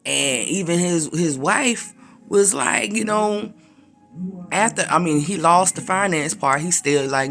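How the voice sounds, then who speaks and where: A man gives a relaxed, slangy talk of encouragement, peppered with asides to his listeners. He speaks slowly, and his voice has a gravelly, fry-laden texture. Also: high-pitched, soft background music. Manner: slangy, conversational, repetitive fillers. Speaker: preacher.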